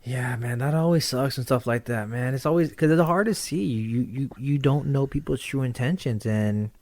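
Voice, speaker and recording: A man's voice: mid-range voice, normal speed, darkish tone, no echo. A man as a podcast guest in casual chat, answering in a laid-back, reflective way and giving advice.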